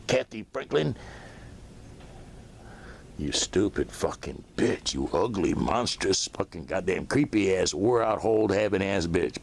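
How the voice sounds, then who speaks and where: A man with a gravelly, mid-range voice tears into someone in an angry rant. He is aggressive, profane and insulting throughout. A faint hum of ambient noise sits behind him. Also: mid-range voice.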